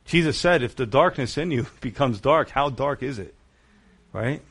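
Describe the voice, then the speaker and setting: A man preaching a sermon, reading verses aloud and explaining them with emphatic, animated asides. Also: medium pitch, moderate pace, husky. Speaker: pastor.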